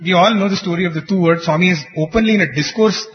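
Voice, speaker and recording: Speaking quickly in a high voice, a man gives an earnest teaching talk to a group about devotional singing, explaining things and chuckling over anecdotes. The recording is dull and was made in a reverberant hall.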